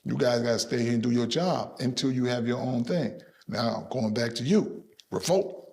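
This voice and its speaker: In this interview, a middle-aged male guest spins boastful, lively tales and mimics the voices of the people he quotes. He speaks at a moderate pace with a medium-pitched, creaky voice, keeping the storytelling animated.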